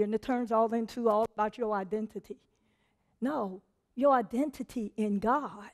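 A woman preaching a sermon in an animated, conversational way, laughing often and acting out quotes. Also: fairly high pitch, moderate pace. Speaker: preacher and teacher.

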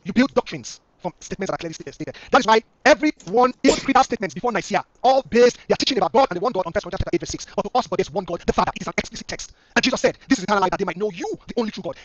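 A man's voice: sits high, animated, no room sound, lo-fi sound. A man making an impassioned case in a debate, pressing point after point and stumbling over restarts. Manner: impassioned, rapid-fire argument with repeated restarts. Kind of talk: online debate argument.

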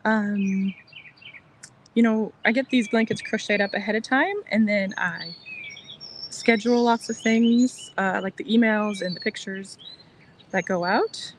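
A soft-spoken woman chats to her viewers in a gentle, rambling way, hosting a crochet livestream out in the sun. Her pitch sits in a middle range, and birds chirp faintly behind her. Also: measured pace, slight background noise. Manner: chatty, reassuring, rambling. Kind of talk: casual livestream chat. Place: outdoors in the sun.

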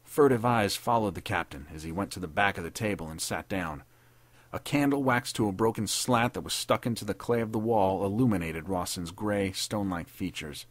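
A man narrating a 1930s pulp war story in a measured, dramatic reading. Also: on the low side, dry recording. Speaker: podcast narrator.

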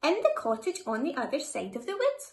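A woman voicing Little Red Riding Hood, a cheerful young girl in a children's storybook, with a high, eager delivery. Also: huge pitch swings, brisk, full character voice. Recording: echoey room.

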